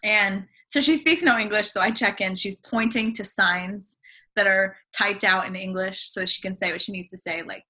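A woman from the United States spins a relaxed travel anecdote as a podcast guest. Her voice is bright and forward, and her talk runs breezy and chatty, sprinkled with casual fillers. Her pitch sits in the middle. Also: moderate pace. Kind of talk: casual storytelling.

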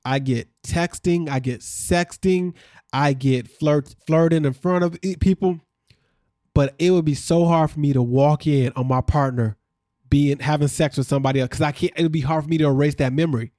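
A man's voice: a little high, moderate pace, warm tone, no echo, clean studio sound. A man co-hosting a podcast, casually recapping episode events in a storytelling way and laughing often. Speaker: podcast co-host.

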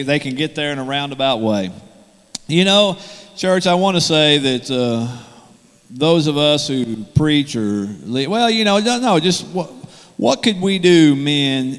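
A man's voice: medium pitch, smooth, long reverb tail. A man preaching a sermon in a church with a handheld mic, joking and rambling conversationally between points. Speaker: guest preacher. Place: church sanctuary. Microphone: handheld microphone.

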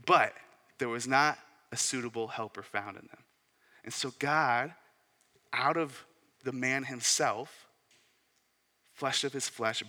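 A pastor in his thirties, medium-pitched with a sharp tone, gives a conversational sermon full of asides and rhetorical questions. The sound carries the reverberation of a hall.

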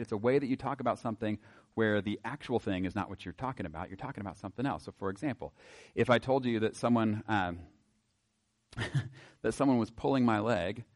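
A man giving a casual, wry Bible teaching to a group, often pausing on filler words and reading passages aloud. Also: fairly low pitch.

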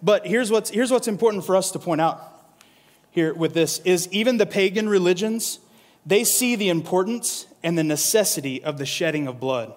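A man preaching a casual, animated sermon, reading scripture and often asking "right?" to his listeners. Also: high-pitched, moderate pace. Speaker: pastor. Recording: long reverb of a large hall.

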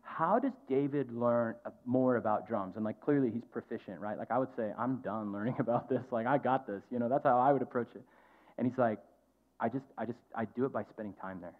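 A man's voice: medium pitch, brisk. Man preaching a casual sermon over thin audio. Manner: conversational, earnest storytelling with filler ums. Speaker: pastor. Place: church stage. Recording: tinny phone-like sound.

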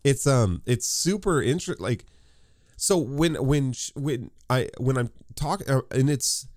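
A man's voice: medium pitch, expressive, a little mellow, no echo, studio quality. A man speaking as a podcast guest, talking casually with many restarts. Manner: halting, many restarts and fillers. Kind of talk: casual chat.

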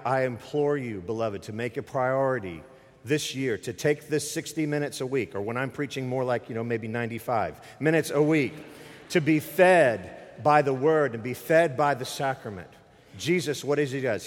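A man's voice: medium pitch, moderate pace, in a large hall. A middle-aged man preaching a sermon in a church, speaking emphatically and conversationally through a microphone and appealing directly to the congregation. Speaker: pastor. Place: church sanctuary.

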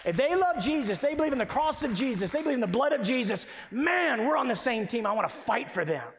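A man preaching a sermon with passion, moving from quiet, conversational stretches to sudden shouted emphasis. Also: extremely high pitch, big pitch swings, fast, a little hiss or hum. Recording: long reverb of a large hall.

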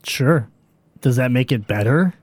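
Animated man playing his character at the table. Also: medium pitch, a little slow, no echo. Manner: excited, grumbling storytelling. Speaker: player. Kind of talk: in-character banter at a tabletop game.

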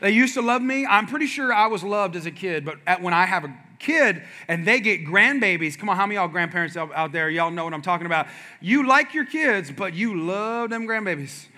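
A man's voice: high-pitched, fairly quick. A middle-aged man preaching a sermon, telling stories with humor and talking straight to the congregation. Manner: animated, humorous, talks to congregation. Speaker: pastor. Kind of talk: sermon with storytelling.

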